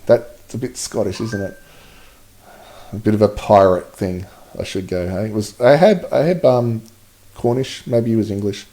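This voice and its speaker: A man's voice: fairly low pitch, normal speed, dark tone. A man hosting a live stream, chatting casually, reading out viewer comments and laughing often as he works at his telescope. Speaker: livestream host.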